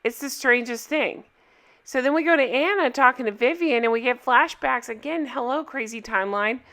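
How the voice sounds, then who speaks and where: Bright-voiced chatty woman recapping a show. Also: high voice, normal speed. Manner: chatty, rambling, self-correcting, quoting characters in little voices. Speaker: TV show reviewer. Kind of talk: casual recap vlog.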